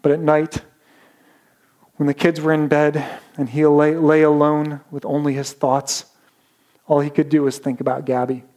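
Brief: male pastor, fairly high voice, dramatic story-driven sermon with slowed emphasis. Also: completely flat delivery, a little mellow.

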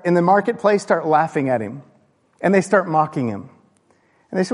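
A man preaching a sermon, impassioned, swinging from loud raised bursts to low hushed lines. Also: lively intonation, moderate pace. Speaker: pastor. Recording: long hall reverb.

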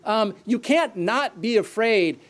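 Guy preaching a sermon, kinda high voice, earnest, explains stuff, goes off on little asides. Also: lively intonation, slow.

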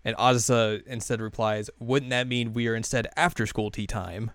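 Man, casual co-host, smooth clear voice, dry close sound, rambling recap style. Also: mid-range voice, steady tone, a bit bright, dry recording. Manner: loose and rambling, many fillers and quick quoted voices, laughs often. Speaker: podcast co-host recapping an anime episode. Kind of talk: casual chat.

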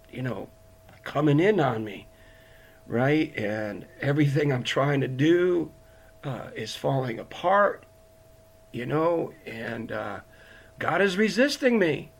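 A man's voice: expressive, slow, long pauses. A man preaching a sermon and giving his personal testimony, growing passionate as he tells it. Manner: impassioned testimony, builds to high intensity.

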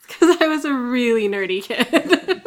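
A woman's voice: sits high, animated, unhurried. A woman co-hosting a podcast, retelling a myth in a chatty storytelling way with many fillers and frequent coughs. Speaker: podcast co-host. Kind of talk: casual chat, retelling a myth.

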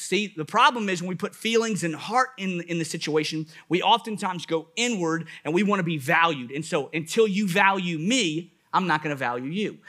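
A man's voice: high-pitched, bright, forceful tone. A man pastor preaching a sermon at a church service, with rising bursts of emphasis and playful asides.

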